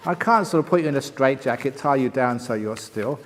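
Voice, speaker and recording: A man's voice: mid-range voice, big pitch swings, fairly quick, hardly any pauses, in a large hall, a crowd in the background. An older man, a Buddhist monk, answering retreat questions with jokes and laughing at his own punchlines. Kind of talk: humorous Q&A talk. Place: meditation retreat hall.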